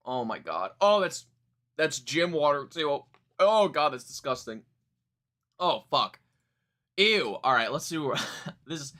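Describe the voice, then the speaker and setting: A man's voice: on the high side, normal speed. A man reacting live to new music, casual and profane, with exasperated running commentary. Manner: animated, swears freely, exasperated asides.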